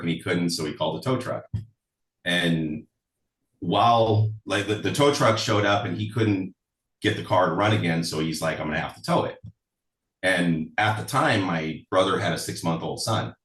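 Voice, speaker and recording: A man with a lowish voice tells personal stories in a loose, chatty way, often stopping to laugh. He sits away from the mic, and the room adds a noticeable echo. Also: fairly bright tone, distant mic. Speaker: songwriter guest. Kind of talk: casual storytelling interview.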